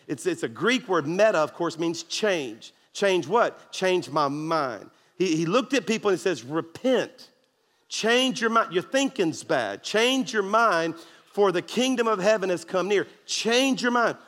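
A male pastor preaches an emphatic sermon, calling on the congregation to answer him back. His voice is high for a man and fairly bright, ringing with the long reverb of a large church hall.

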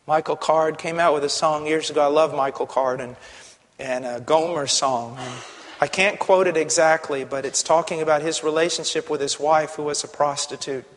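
A male pastor preaching a sermon, passionate, dropping to a hush and then rising to a shout. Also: fairly high pitch, steady tone, moderate pace, a little hiss or hum. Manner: impassioned, swings from hushed to shouting. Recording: long hall reverb.

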